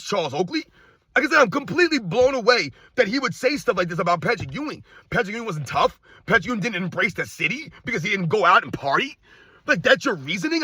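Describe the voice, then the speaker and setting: A man hosting a sports commentary show, ranting in a heated, repetitive way and firing off exasperated rhetorical questions in a husky voice. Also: sits high, sharp tone, dry recording.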